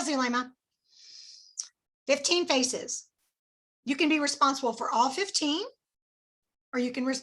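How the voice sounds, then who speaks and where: A woman with a high, bright voice runs a lively sales training session. She coaches with energy and calls on her listeners by name. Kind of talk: live training session with scripted role-play.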